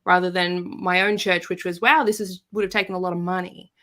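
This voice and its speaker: A woman guest on a podcast, telling a personal story in a casual, animated way and acting out the quoted voices. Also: lowish voice, a little fast.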